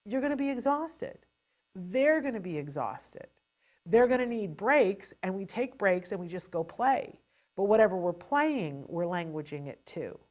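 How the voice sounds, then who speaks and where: A woman's voice: lowish voice, unhurried. A woman hosting a live show, giving parents advice on language delay and acting out the playful lines they say to a child. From California, USA. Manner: animated, acts out playful baby talk to a child. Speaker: host.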